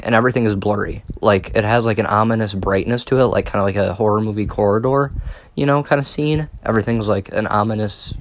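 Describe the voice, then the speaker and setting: A young man telling a casual storytime, rambling and swearing with many fillers and restarts. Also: lowish voice. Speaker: vlogger.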